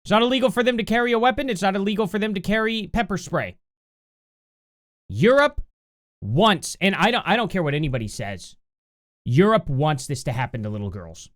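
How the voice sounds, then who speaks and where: A man's voice: high voice, expressive, fast talker, a bit bright. An indignant, mocking man hosting his channel, reacting to a news clip from the United States. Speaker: commentary channel host.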